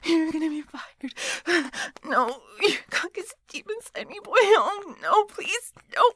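A woman's voice: very high-pitched, expressive, slow pace, pushed and bright, full character voice. A woman voicing a proud defiant female boss. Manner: breathy, moaning, sudden whispers. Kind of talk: adult audio role-play.

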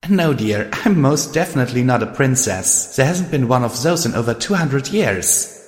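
A man voicing a kind pony alicorn in a raised, gentle, coaxing voice. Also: mid-range voice, animated, moderate pace, echoey room, in a large hall, voice pushed up, natural voice.

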